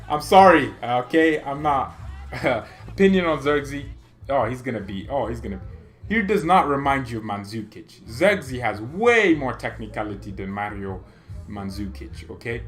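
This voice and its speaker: Excitable man arguing with live chat. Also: mid-range voice, normal speed. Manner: excitable, argues with chat comments, laughs often. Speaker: fan channel host. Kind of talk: live chat reaction stream. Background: faint background music.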